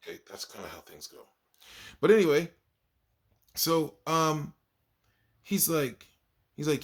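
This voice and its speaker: A man's voice: fairly high pitch, unhurried, pauses often. A man, a kindergarten teacher, telling stories from his class in a casual vlog and acting out his pupils. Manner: animated, acts out his pupils.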